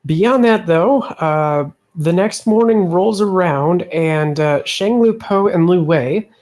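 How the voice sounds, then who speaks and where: A man's voice: high voice, slow pace, darkish tone. A man running a tabletop game as game master, narrating with many hesitations and easy laughs.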